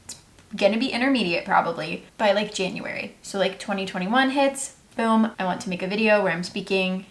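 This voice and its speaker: A woman's voice: medium pitch, fairly quick. A young woman chatting casually in a vlog, self-deprecating and now and then trying out phrases in a second language. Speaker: vlogger.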